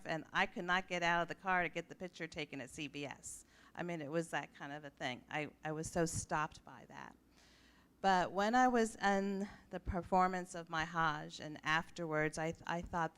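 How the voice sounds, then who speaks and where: A woman's voice: lowish voice, fairly bright tone, clear, resonant tone. An older woman with a Midwestern accent, sharing her personal story on a live panel in a reflective, earnest way. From United States. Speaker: panel speaker. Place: office event space.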